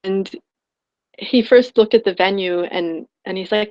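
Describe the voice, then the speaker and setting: A woman's voice: medium pitch, unhurried, highs cut off, soft background music. A woman coach telling a personal story in an online class, rambling and heartfelt with many restarts. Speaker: spiritual prosperity coach.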